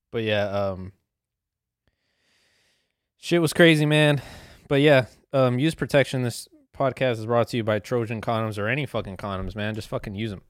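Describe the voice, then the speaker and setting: A man's voice: medium pitch, moderate pace, long pauses, clear, resonant tone, no echo. A young man talks straight into a close podcast mic, and the sound is dry with almost no room. His solo rant is casual and full of swearing. He rambles from point to point and laughs at himself along the way. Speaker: podcast host.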